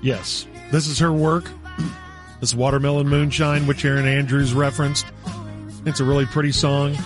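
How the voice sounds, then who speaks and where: A man's voice: mid-range voice, level tone, normal speed, over music. A man hosting morning radio in a teasing, argumentative studio banter. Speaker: radio show host.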